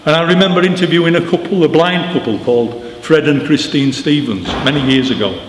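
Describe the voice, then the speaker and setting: A man giving an animated, informal talk to an audience at a book launch, telling stories with emphatic asides. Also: fairly high pitch, a little fast. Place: church hall. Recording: echoey church with long reverb, faint noise.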